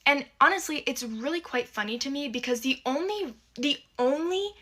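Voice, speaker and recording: A woman's voice: sits high, animated, moderate pace, pushed and bright. A young adult woman from the United States telling a personal story to camera in a casual, emphatic and sarcastic way.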